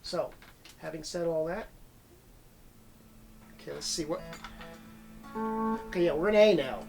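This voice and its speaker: A man's voice: fairly high pitch, unhurried, creaky. A man giving a steel guitar lesson, thinking aloud with many fillers and restarts. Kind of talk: instructional talk between playing.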